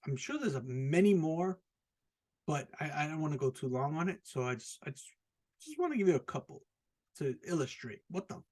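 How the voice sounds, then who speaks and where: A man's voice: on the high side, a little mellow. An American man hosting a casual solo podcast, rambling and profane, with an incredulous tone and frequent laughs at his own jokes. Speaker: podcast host. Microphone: podcast microphone, also filmed.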